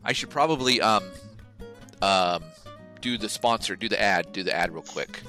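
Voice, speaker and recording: A man's voice: on the low side, normal speed, sharp tone, faint music behind, low-quality recording. A man co-hosting a casual podcast, talking in a rambling, profane, jokey way. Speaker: podcast co-host. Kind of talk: casual chat, reading a joke ad.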